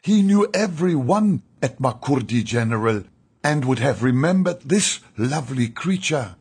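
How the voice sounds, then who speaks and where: A man narrating an audiobook in a measured, solemn storytelling manner. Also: mid-range voice, lively intonation, a little mellow, breathy edge.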